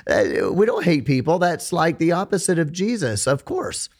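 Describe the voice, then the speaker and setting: Guy on a podcast, pitch a bit on the high side, lively storyteller, keeps repeating himself when he's fired up. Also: moderate pace. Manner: animated storyteller, repeats words when excited. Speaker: podcast guest, rock singer. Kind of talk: conversational interview.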